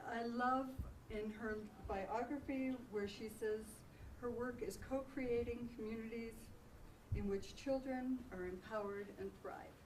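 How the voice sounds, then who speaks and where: Event host, woman, plain and slightly halting delivery, distant mic, noisy room. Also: fairly high pitch, fairly even intonation, darkish tone. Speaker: event host, introducing a speaker. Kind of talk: announcements and introduction.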